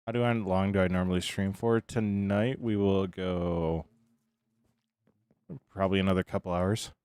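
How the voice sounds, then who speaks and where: Deep-voiced tired male streamer, dry sound. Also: moderate pace, clean tone, no room sound. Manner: relaxed, chatty, greets chat by name. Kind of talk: casual live-stream chat.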